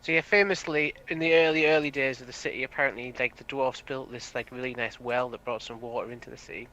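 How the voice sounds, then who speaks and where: Bright man rambling through a description. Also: mid-range voice, fairly even intonation, fast, highs cut off. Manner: rambling, hesitant, lots of "like". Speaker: tabletop game player. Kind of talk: casual in-game description.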